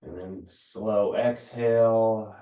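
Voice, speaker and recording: A man leading a yoga class, giving calm, unhurried cues for stretches and breathing. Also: fairly low pitch, echoey room, recorded from a distance. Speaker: yoga instructor. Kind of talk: guided yoga class instruction.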